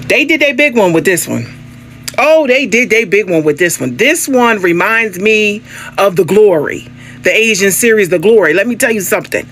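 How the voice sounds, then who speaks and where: A woman chatting casually about a show, animated and swooping high on her exclamations. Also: normal speed, a little hiss or hum. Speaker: show reviewer. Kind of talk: casual reaction chat.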